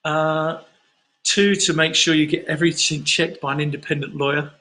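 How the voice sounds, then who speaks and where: A man's voice: a little high, little pitch movement, normal speed, pushed and bright, low-quality recording. A man from London, a singer chatting casually through fan questions on a livestream and telling rambling stories.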